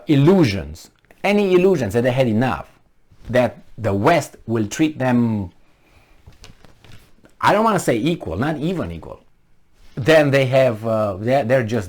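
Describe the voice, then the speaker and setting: Male vlog host, solo commentary, animated pitch, pushy rhetorical questions, restarts often. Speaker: channel host.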